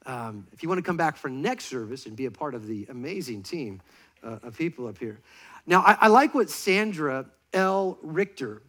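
Male pastor, a little high-pitched, preaching from a church stage; lively and playful, with jokes and stage directions. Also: normal speed. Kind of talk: sermon with on-stage demonstration. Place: church stage before a congregation.

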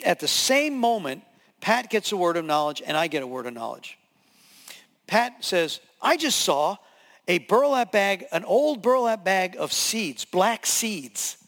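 A male pastor delivers a sermon as a story, acting out the scenes with voices as he goes. His voice sits high. The sound carries the long reverb of a large hall. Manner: animated, acts out scenes with voices.

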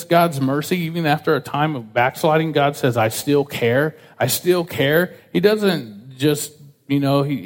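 A man preaching a sermon in a casual, conversational way, acting out quotes with lively voices. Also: on the high side. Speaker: pastor. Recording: reverberant hall.

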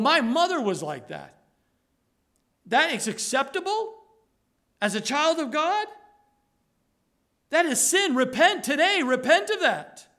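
High, bright-voiced man preaching fervently. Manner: fervent preaching, repeats himself, drops to low soft tones. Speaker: pastor. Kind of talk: sermon.

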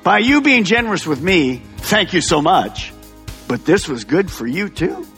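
A man pastor preaching a sermon in an animated, emphatic way. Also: high voice.

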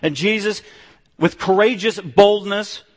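A man preaching a sermon, swinging between loud emphatic declarations and low hushed passages. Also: measured pace, long reverb tail. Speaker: pastor.

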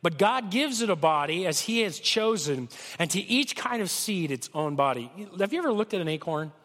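A man preaching a sermon with a cold, talking conversationally and swinging from loud peaks to soft lows. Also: animated, normal speed, big-room sound. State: has a cold. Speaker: pastor.

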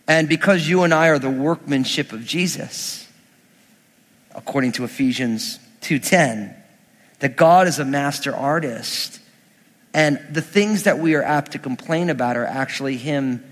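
A young adult man, a pastor, preaching a sermon in a conversational, emphatic way with casual asides. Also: mid-range voice. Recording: long reverb of a hall.

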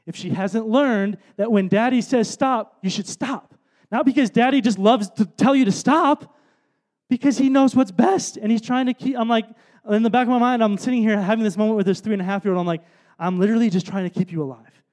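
A man with a high, light voice preaches a sermon from the stage. He tells a story in a relaxed way, drops to quiet asides, then builds to loud emphatic points. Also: brisk. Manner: storytelling, shifts between soft asides and loud emphatic bursts. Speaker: pastor. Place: stage before a congregation.

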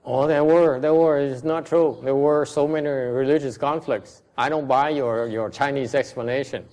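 A man whose first language is Vietnamese teaches a class, questioning his listeners bluntly. His voice sits at a middle pitch. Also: steady tone, moderate pace, darkish tone. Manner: blunt, questioning, switches between English and Vietnamese. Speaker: Buddhist teacher.

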